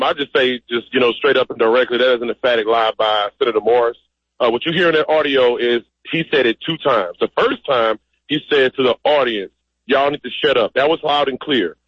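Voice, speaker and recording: A man's voice: mid-range voice, dry recording. A man speaking as a guest on a radio call-in show over the phone, emphatic and direct. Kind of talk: call-in interview. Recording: muffled phone line.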